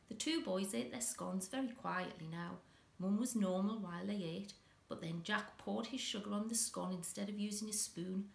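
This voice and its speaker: A woman reading a children's story aloud with an expressive, dramatic delivery, in an echoey room. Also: medium pitch, moderate pace, vocal fry.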